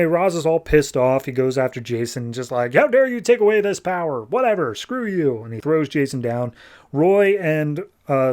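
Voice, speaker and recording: A man's voice: on the high side, a little mellow. Joking man recapping comics casually. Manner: loose, joking, quotes characters casually. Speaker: podcast host.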